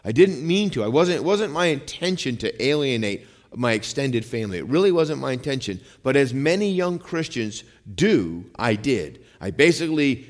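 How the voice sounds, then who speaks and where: A male pastor preaching a sermon in a conversational style, dropping low and quiet for some lines and rising for emphasis, asking the congregation for amens. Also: sing-song, normal speed. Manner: conversational preaching, calls out amen; shifts between quiet low lines and raised emphatic ones. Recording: long hall reverb.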